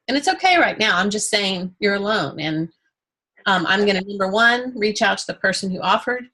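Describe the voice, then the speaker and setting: A woman's voice: medium pitch, expressive, moderate pace, sharp tone. A woman teaching an art class in a casual, chatty way, candid and joking, with playful asides.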